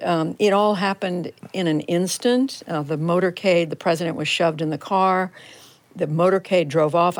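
A woman's voice: low voice, no echo. An older woman journalist giving a radio interview, recounting events reflectively and in detail, often restarting her sentences. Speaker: journalist guest. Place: converted home TV studio.

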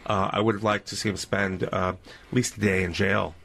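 Gravelly low-voiced former senator. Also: male voice, flat delivery, normal speed, a bit bright. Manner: hesitant, many fillers and restarts. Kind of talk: radio panel discussion.

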